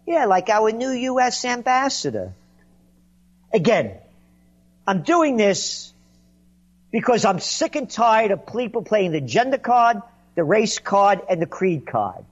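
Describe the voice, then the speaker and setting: A man's voice: sits high, big pitch swings, slow, pauses often, dull audio. A man delivering a sarcastic, indignant political monologue, mocking and scornful as he rants. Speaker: commentator.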